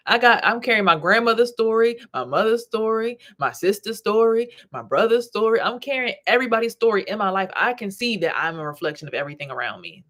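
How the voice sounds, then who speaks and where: A woman's voice: medium pitch, expressive, fast, few pauses, fairly bright tone. A woman vlogger talking bluntly to camera, telling stories with plenty of profanity. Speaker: vlogger and spiritual reader. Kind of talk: casual talking-to-camera monologue.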